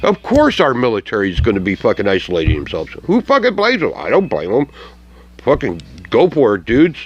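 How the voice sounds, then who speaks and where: A man rants to his viewers in a loud, profane vlog, mocking and laughing as he goes. His voice sits a little high for a man and swings widely in pitch. Faint music plays underneath. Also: muffled recording. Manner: angry, mocking, laughs often, heavy swearing. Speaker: vlogger. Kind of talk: profane rant to camera.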